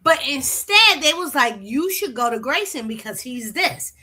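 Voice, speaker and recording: A woman co-hosting a casual recap chat, laying out a deliberate theory. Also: high voice, animated, pushed and bright. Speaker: podcast co-host.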